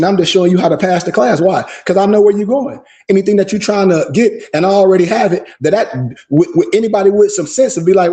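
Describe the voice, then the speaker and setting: A man lecturing to a class on esoteric teachings, his voice pitched a little high yet soft and mellow in tone. He preaches in emphatic, repetitive bursts, then slows right down to lay out lists one item at a time.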